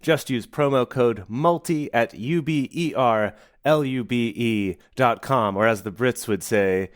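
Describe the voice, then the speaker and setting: A man reads sponsor offers and promo codes on a podcast at an everyday middle pitch. His delivery is brisk with a wry touch. The sound is close and dry. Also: no echo. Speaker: podcast co-host.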